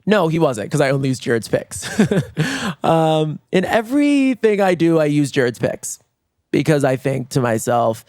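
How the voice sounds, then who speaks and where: A man hosting a comedy podcast, telling a comic story in an animated way and rushing through lines. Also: no echo, clean studio sound. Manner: animated, rushes through lines, jumps to high squeals for quoted reactions.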